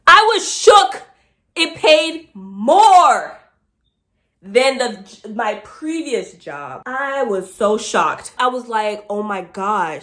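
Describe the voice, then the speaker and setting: A woman vlogger, telling a casual story and acting out quotes in high voices, laughing often. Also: fairly bright tone.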